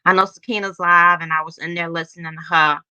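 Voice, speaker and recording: A woman's voice: lowish voice, fairly even intonation, fairly quick, bright, forceful tone, smooth, dry recording. A woman in her forties hosting her own livestream, talking bluntly and profanely in a drawling, casual way. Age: 40s. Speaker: livestream host. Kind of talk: casual live-stream chat. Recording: dry, slightly dull lo-fi stream audio.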